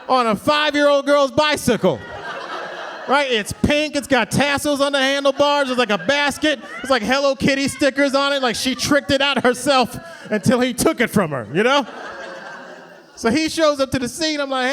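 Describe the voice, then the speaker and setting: A man doing a stand-up comedy set in a club, telling a story and acting out the people in it. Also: very high voice. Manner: animated storytelling with acted-out voices. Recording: live crowd laughter.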